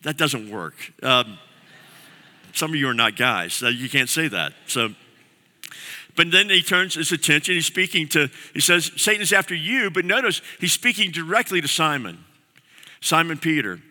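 A man's voice: on the high side, very animated, normal speed, pushed and bright. A man preaching a sermon as pastor, earnest and repeating key phrases for emphasis. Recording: long reverb of a large hall.

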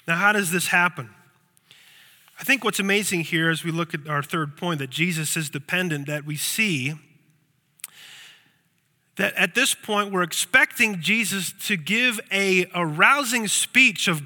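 Male pastor, sermon, storytelling, repeats words, high voice, echoey church hall. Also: animated, a little slow, pushed and bright.

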